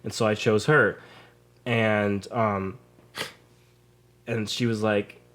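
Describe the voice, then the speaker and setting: A man's voice: lowish voice, fairly even intonation, takes it slowly, a bit bright. Young man telling a rambling story. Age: young adult. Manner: rambling, heavy on "like" fillers. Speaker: podcast guest. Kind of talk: casual storytelling.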